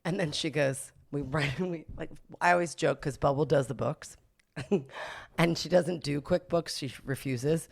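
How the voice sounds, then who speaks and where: A middle-aged woman with a low voice tells stories in a casual interview. She is a boutique owner and podcast guest. She talks in a chatty, self-mocking way, with frequent laughter. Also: unhurried, creaky, slight background noise.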